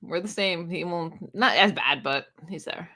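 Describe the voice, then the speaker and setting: A woman's voice: on the low side, unhurried, bright, forceful tone. A woman hosting a casual live stream, reading viewers' comments aloud and chatting with them, laughing often. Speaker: booktube live-stream host.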